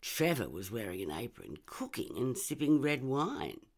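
A woman reading a first-person short story aloud in a measured, expressive way. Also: rumbling low, vocal fry.

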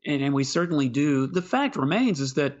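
A man co-hosting a sports podcast, talking basketball in a casual, halting way and often repeating words as he starts a sentence. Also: a little high, big pitch swings, dull audio.

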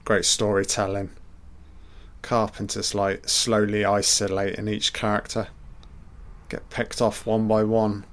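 A man's voice: lowish voice, measured pace. A man giving a casual, sweary commentary on a film, muttering his reactions as he watches. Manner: relaxed, sweary, muttering asides.

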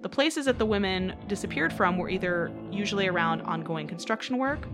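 A woman's voice: medium pitch, lively intonation, fairly quick, music in the background. A woman co-hosting a true crime podcast. She reads her case notes steadily, then chats, laughs and acts out what people said. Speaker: podcast co-host.

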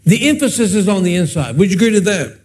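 A pastor preaches in a high, bright-pitched voice. He tells folksy, funny stories and keeps turning to the congregation with questions. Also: expressive, fast. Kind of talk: humorous preaching with personal stories.

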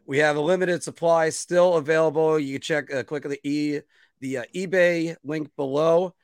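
A man's voice: fairly high pitch, steady tone, moderate pace, clean tone, no echo, studio quality. A man hosting a casual sports podcast, chatty and promotional with frequent fillers. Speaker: podcast host.

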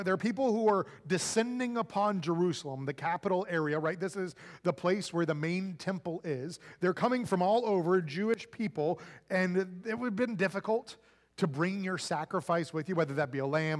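High-voiced pastor, conversational sermon, reverb. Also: male voice. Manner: conversational, often adds "right?". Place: church sanctuary.

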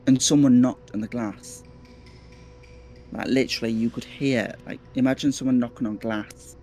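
Liverpool-accented man, podcast guest, chatty storyteller, mid-pitched, faint music under him. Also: normal speed. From Liverpool, England. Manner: animated, repeats words, acts out quotes, swears casually. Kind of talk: casual storytelling.

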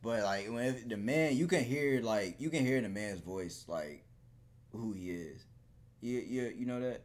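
A man's voice: fairly low pitch, animated, measured pace. Laid-back man trading stories in chat. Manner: laughs often, acts out quoted dialogue, hesitant restarts. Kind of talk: casual chat.

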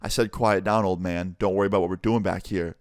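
A man's voice: deep voice, steady tone, fast talker, no echo, pitched below the performer's own voice, natural voice. Brief: young man playing cocky teenage boy, brash and mocking, dry sound. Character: cocky teenage male troublemaker.

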